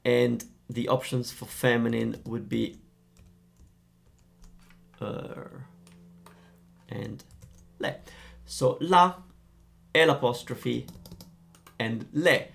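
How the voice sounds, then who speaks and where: A man teaching Italian grammar, explaining in a lively, playful way. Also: mid-range voice, extremely slow, creaky, long pauses.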